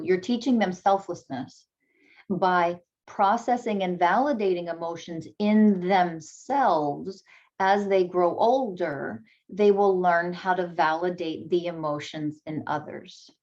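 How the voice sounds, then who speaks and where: A woman's voice: on the low side, darkish tone. A woman speaking as a parenting coach in an instructional video, emphatic and repeating her key points, and soothing when she models what to say to a child. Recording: dull lo-fi recording.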